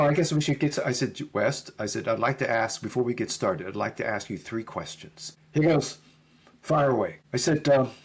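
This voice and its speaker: A man's voice: mid-range voice, husky. A middle-aged man, a podcast guest, telling a story in conversation and acting out both sides of the dialogue.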